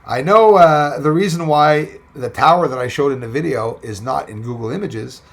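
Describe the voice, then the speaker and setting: Gravelly livestream host with lilt. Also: male voice, a little high, moderate pace. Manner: rambling, reads viewer comments aloud and greets them. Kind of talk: casual livestream chat.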